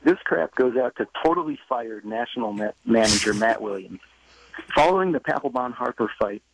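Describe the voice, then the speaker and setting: A man's voice: medium pitch, no room sound, low-quality recording. A man calling in to a radio show, reading a prepared sarcastic rant. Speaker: radio caller.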